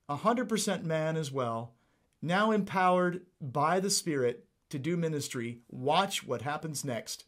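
A man preaching a sermon, emphatic and animated, repeating points for emphasis. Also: on the high side. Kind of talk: sermon teaching.

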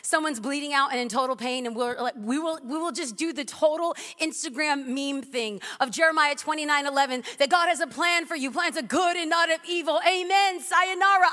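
High bright lady preacher, lively and punchy, big echoey church hall. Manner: animated, humorous, punchy preaching. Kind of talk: sermon. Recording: long hall reverb.

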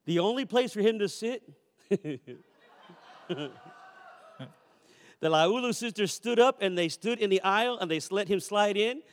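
A man preaching a sermon as a pastor, telling a story with animated, acted-out quotes and repeated refrains. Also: high-pitched, unhurried, long pauses, big-room sound. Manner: animated storyteller who acts out quoted voices. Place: church sanctuary.

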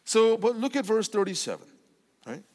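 A man's voice: sits high, very animated, normal speed, a little mellow. A man preaching a conversational sermon to a congregation in a church, often checking in with "right?" as he explains. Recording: long hall reverb.

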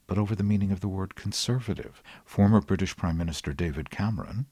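A man in his sixties, from the United States, hosting his podcast with dry, wry, measured commentary. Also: low-pitched, mellow, breathy edge, dry recording. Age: 60s. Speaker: podcast host. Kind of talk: scripted commentary.

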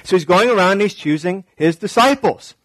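A male pastor preaching a sermon, telling stories animatedly and acting out dialogue, then slowing to quiet emphatic lines. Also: high voice, expressive, no echo, rough recording. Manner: drops to slow, quiet emphasis.

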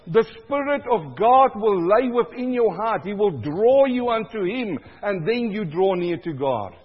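Male preacher, high voice, husky tone, sermon swinging from loud cries to hushed lows, dull lo-fi radio sound. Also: animated, a little slow, big-room sound. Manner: swings between loud cries and low, quiet stretches. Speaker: pastor.

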